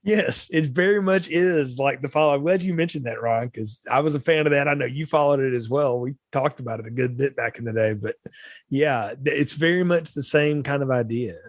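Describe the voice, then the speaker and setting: A man co-hosting a film podcast in casual discussion, animated and laughing often. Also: brisk, dry recording, clean studio sound. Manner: animated, laughs often, swings pitch widely. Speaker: podcast co-host.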